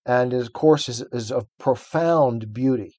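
A man's voice: medium pitch, a little slow, darkish tone, slightly rough, no room sound. A man co-hosting a podcast, talking through a book in an earnest, explanatory way. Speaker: podcast co-host. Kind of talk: casual book discussion.

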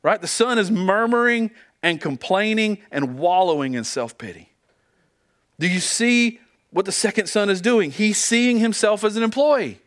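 A male pastor delivering a sermon in an earnest, searching way. His voice sits somewhat high for a man, and he poses rhetorical questions to his listeners. He often stumbles and repeats words mid-thought. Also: animated, normal speed, fairly bright tone.

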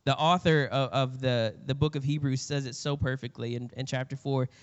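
A man's voice: medium pitch, fairly even intonation, normal speed. A male pastor preaching a sermon in an earnest, conversational way. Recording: reverberant hall, slightly dull sound.

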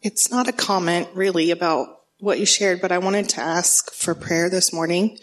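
Earnest low-voiced woman. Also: normal speed. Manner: earnest, a little hesitant. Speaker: church group member.

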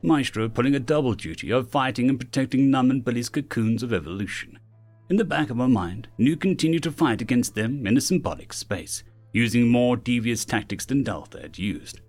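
A man's voice: brisk, soft background music. A man narrating a fantasy web novel as an audiobook, lifting his voice for the characters' lines. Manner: lively, raises pitch for character lines.

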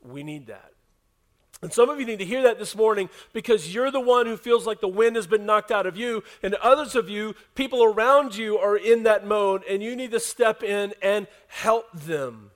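A pastor delivering a casual, story-driven sermon to his church. His voice sits high for a man, and he shifts easily between lively telling and soft, hushed emphasis. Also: normal speed, few pauses. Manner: conversational preaching, dropping to a soft hush for emphasis. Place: church service with a congregation.

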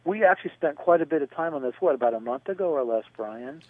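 A man answering a radio caller in a rambling, discursive way, pausing on fillers and spelling out names, heard over a phone line. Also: a little high, expressive, no echo. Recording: tinny phone line, dry.

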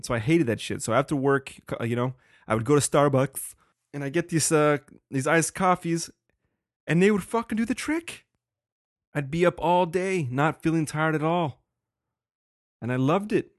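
A man's voice: on the high side, moderate pace, no echo, clean studio sound. A young man hosting a casual solo podcast, rambling with lots of swearing and laughing. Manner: profane, rambling, laughs often. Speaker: podcast host.

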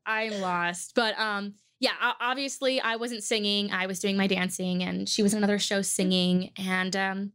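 A woman's voice: medium pitch, steady tone, moderate pace, hardly any pauses, a bit bright, clean tone. A woman hosting an interview, bubbly and full of fillers like "um" and "like". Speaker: host. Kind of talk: casual interview chat.

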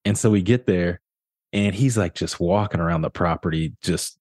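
A young adult man co-hosting a casual podcast, telling work stories with lively mimicry of the people involved. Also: deep voice, normal speed, no room sound, clean studio sound. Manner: animated storyteller, often mimics others with a raised voice. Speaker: podcast co-host, real estate agent.

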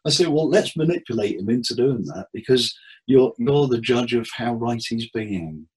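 A husky, slightly breathy man speaks at an ordinary middle pitch. He talks through his cases like stories, taking on the voices of the people in them and jumping up in pitch when he does. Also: normal speed, poor audio. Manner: animated storyteller acting out client dialogue. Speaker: therapist guest. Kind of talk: casual interview chat.

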